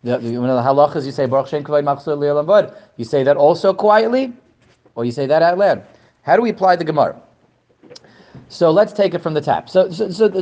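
A man giving a Torah lesson to a class, animated, asking questions and often repeating words. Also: fairly high pitch. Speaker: Torah teacher. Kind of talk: lecture to a class.

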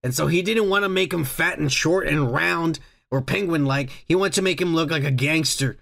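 A man with a high-pitched voice and heavy gravelly fry co-hosts a podcast. He rambles through casual chat, swearing offhand and restarting his sentences as he goes. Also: moderate pace, fairly bright tone. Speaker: podcast co-host.

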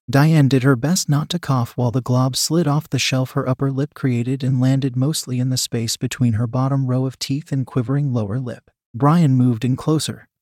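Husky guy reading a story, flat matter-of-fact, dead dry sound. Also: mid-range voice, no echo. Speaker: narrator. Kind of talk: audiobook reading of adult fiction.

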